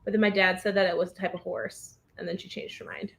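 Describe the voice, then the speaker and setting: A woman's voice: medium pitch, level tone, fast. A woman hosting a casual reading livestream over a video call, chatting and laughing often.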